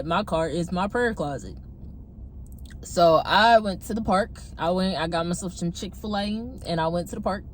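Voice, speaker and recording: A young woman telling a personal testimony in a casual, animated way, laughing often and acting out her own past outbursts, talking from her parked car. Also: fairly low pitch, slight background noise. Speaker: testimony vlogger. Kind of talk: casual storytelling.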